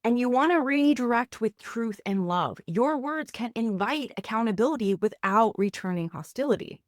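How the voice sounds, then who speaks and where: Lively, direct woman coaching. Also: a little high, normal speed, no room sound, clean studio sound. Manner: direct, encouraging, plain-spoken. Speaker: therapist and executive coach. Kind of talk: faith-based teaching to camera.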